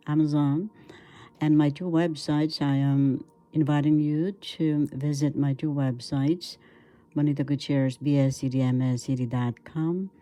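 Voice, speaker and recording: An older woman from the Philippines, a teacher giving a slow language lesson, drilling words syllable by syllable and repeating them. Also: sits low, dark tone.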